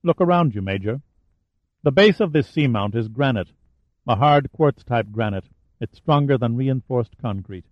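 A man voicing a gaunt giant villain who speaks in a cold, calm, clipped way, on a dry, slightly dull recording. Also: medium pitch, moderate pace, no room sound, close to an everyday voice.

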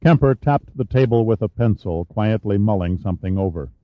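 Low-voiced male audiobook narrator. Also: expressive, brisk, no echo. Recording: dull, muffled dry recording.

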